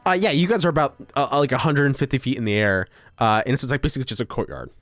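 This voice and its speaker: A man's voice: mid-range voice, expressive, rapid-fire, fairly bright tone, no echo. A man running a tabletop game as game master, hesitant and full of ums and uhs as he rules.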